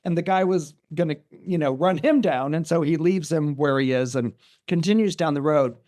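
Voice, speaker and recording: A man with a slightly high voice tells an old story on a podcast. He is lively and conversational, stopping to restart and throw in asides. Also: normal speed. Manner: animated, many restarts and asides. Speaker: guest astrologer.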